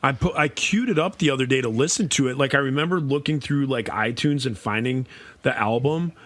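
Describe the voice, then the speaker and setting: Male podcast co-host with an average-pitched voice, easygoing and rambling, nostalgic. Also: brisk, a bit bright, no echo. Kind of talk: casual chat.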